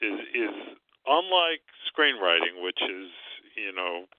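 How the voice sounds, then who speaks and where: A man's voice: fairly low pitch, sing-song, slow, dry recording. A man, a guest novelist and screenwriter, talking in an interview with many restarts and repeated words. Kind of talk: interview conversation. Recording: phone line, dry.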